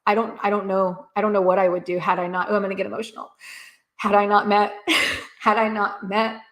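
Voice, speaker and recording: A woman in her early forties hosting a casual live-stream rant, earnest and candid, halting with many restarts and fillers, laughing often. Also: mid-range voice, little pitch movement, a bit bright. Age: 40s. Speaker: livestream host. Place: home room with echo.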